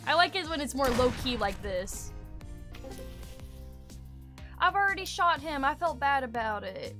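Bright-voiced woman streamer. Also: high voice, very animated, unhurried, pauses often, soft background music. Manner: rambling, swearing, joking commentary. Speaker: game streamer. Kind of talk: casual streaming chat.

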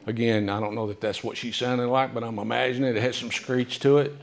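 A man giving an author talk in a library, telling history stories in a chatty, humorous way with many pauses and "uh"s. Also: medium pitch, level tone, creaky. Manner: chatty, humorous, with frequent "uh" fillers. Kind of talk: casual storytelling talk. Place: public library meeting room.

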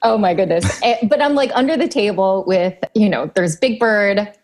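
A woman's voice: medium pitch, normal speed, darkish tone. Earnest woman recalling a cherished moment. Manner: earnest, emotional, wide-eyed. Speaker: puppeteer mentee. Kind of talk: casual anecdote.

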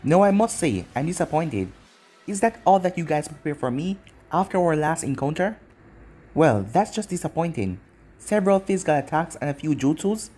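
A cocky young ninja hero, voiced by a man reading a fan story, sounding taunting and sure of himself. The voice is husky, and its pitch rises and falls freely. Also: expressive, normal speed, a little mellow. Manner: taunting, self-assured.

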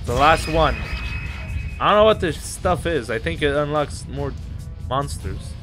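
Over game music and sound effects, a man with a slightly high voice and an unhurried pace livestreams a monster-fighting video game. He's excitable and profane, swearing a lot, laughing a lot, yelling at his opponents and talking to the game as he commentates.

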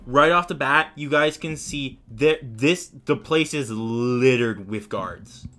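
Young guy running a tabletop game, casual and rambly, average pitch. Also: takes it slowly, pushed and bright. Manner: casual, rambling, full of "like" and restarts. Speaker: game master.

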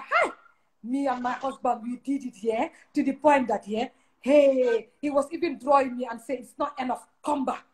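Blunt high-voiced Gambian woman. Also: rough recording. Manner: blunt and emphatic, mixing in local-language phrases. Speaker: advice giver. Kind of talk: frank casual chat.

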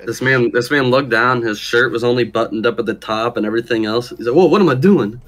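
A man's voice: medium pitch, flat delivery, fast talker, fairly bright tone. A young man in casual gaming chat, teasing and blunt with lots of swearing.

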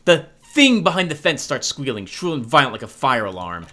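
A man's voice: medium pitch, a little fast. A man hosting a let's play, reading game narration aloud and talking through his choices. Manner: lively, reads narration and picks choices aloud.

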